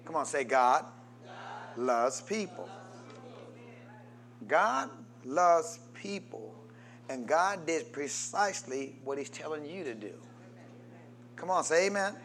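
High-pitched preacher calling and responding. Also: male voice, lively intonation, slow pace, pauses often. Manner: call-and-response preaching, prompting the congregation to answer; swings between loud emphatic calls and low quiet asides. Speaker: pastor. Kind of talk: sermon.

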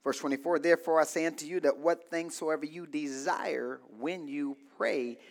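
A man preaching to a church congregation, calling for responses and rising into shouts. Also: fairly high pitch, normal speed, gravelly. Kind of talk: sermon.

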